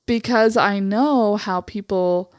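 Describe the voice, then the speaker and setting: Young woman, vocal fry, bit raspy, says like a lot, swears, dead dry sound. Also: mid-range voice, slow pace, no echo. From Eastern Montana, USA. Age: young adult. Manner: candid, frequent "like" fillers, swears freely. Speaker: podcast co-host. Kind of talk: casual chat.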